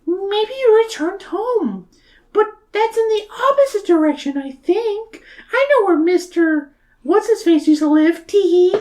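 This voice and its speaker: Lady putting on a super high squeaky girl voice, breathless and excited. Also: measured pace. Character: excitable young girl sidekick.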